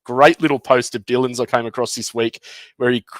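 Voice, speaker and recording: A man's voice: mid-range voice, steady tone, fairly quick, dry recording. Wry man, dry close sound. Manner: wry, jokey. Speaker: podcast panelist. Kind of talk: casual sports chat.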